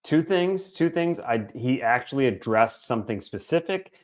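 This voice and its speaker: A forty-something man in a casual podcast chat who gets worked up fast. He swears freely and throws in joking asides while he argues his point. His voice sits in an ordinary middle pitch. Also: animated. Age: 40s. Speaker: podcast co-host.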